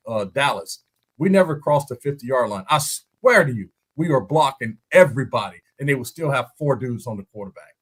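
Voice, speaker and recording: A man, a former football lineman, breaking down a game on a podcast in animated, story-driven casual chat, laughing often. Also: mid-range voice. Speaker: guest analyst, former NFL lineman.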